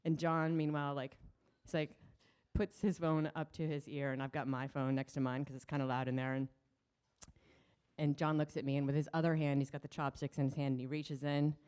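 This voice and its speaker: Middle-aged woman storyteller on a small stage, low-pitched, animated, restarts a lot. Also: a little fast, clean tone. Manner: animated, laughing, many restarts. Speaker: storyteller at a community event. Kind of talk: live personal storytelling.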